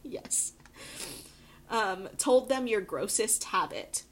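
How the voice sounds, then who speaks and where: A woman co-hosting a podcast in casual chat, laughing often and filling pauses with ums. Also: mid-range voice, expressive, a little hiss or hum. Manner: giggly, lots of ums and laughs. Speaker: podcast co-host.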